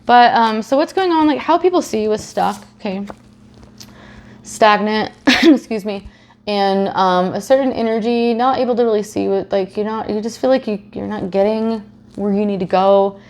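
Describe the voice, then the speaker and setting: Woman, gravelly, casual tarot reading, chatty and profane, young adult. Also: medium pitch, moderate pace, darkish tone. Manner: chatty, swears freely, acts out silly quoted scenarios. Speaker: tarot reader.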